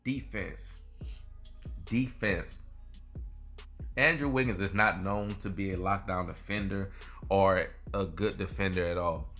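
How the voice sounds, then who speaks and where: A man with a lowish voice giving casual commentary on a basketball player. He repeats himself loosely and often ends his points with "man". Soft music plays quietly underneath. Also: moderate pace. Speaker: sports video host.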